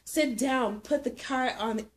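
Pregnant woman telling a story in a casual chat, kinda high voice, gets really animated. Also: slow pace, slight background noise. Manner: animated, acts out quoted voices.

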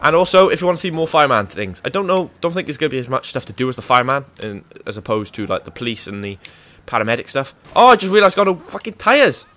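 A man's voice: mid-range voice, big pitch swings, quick pace, hardly any pauses, a bit bright. A young man giving crude, joking commentary over a video game, swearing often. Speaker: gaming YouTuber.

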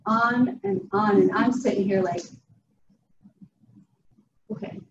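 A woman's voice: medium pitch, steady tone, normal speed. A middle-aged woman from Wisconsin giving a talk to a meeting, telling a funny story in a chatty way and often asking "right?". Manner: chatty, humorous, keeps checking in with "right?". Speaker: guest speaker. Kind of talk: storytelling presentation. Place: meeting room. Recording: distant, roomy, dull and noisy.

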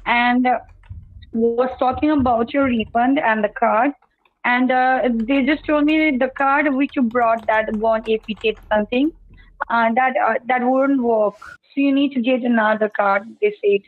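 A woman's voice: a little high, steady tone, unhurried, dry recording. A woman on a phone call who hesitates with fillers and keeps adding "okay". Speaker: phone scammer. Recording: tinny dry phone line.

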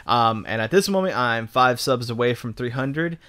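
A man's voice: mid-range voice, animated, normal speed, sharp tone. A young man from Texas talking in a casual, rambling way over gameplay as a gaming YouTuber, swearing often and filling gaps with ums and restarts.

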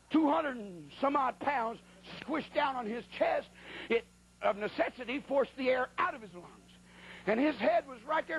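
A man preaching a sermon as a colloquial, animated story, acting out sounds and voices. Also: extremely high pitch, vocal fry, slightly rough.

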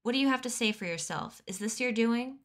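A woman reading aloud voices a gruff, angry male farm team leader who shouts and accuses. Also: on the high side, a little fast, voice pushed up, natural voice. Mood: accusing.

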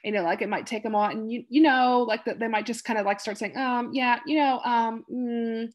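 A woman's voice: a little high, fairly even intonation, brisk. A woman nursing instructor giving a casual recorded lecture, chatty and rambling, with many fillers and patient quotes acted out.

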